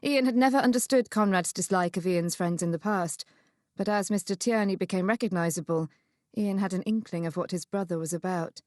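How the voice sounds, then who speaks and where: A woman reading a historical romance novel in an even, measured narration. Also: medium pitch, no echo, studio quality. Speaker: audiobook narrator. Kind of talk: scripted narration.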